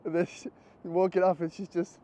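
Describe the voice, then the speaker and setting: Holding a camera as he walks city streets and stops at a convenience store, a travel vlogger talks excitedly and thinks aloud, slightly breathless. His voice sits high and moves fairly quickly, recorded as muffled outdoor audio with street noise.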